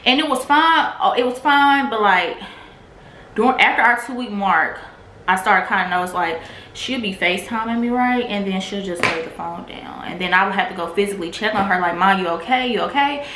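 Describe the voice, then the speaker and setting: A woman's voice: mid-range voice, a little fast, bright, forceful tone. A woman vlogger candidly telling a personal testimony in a casual, filler-heavy way. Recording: echoey room with faint noise.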